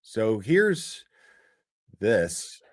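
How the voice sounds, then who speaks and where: A man's voice: fairly low pitch, very animated, very slow, no echo, studio quality. A man hosting a livestream, talking casually in a profane, mocking rant. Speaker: streamer host.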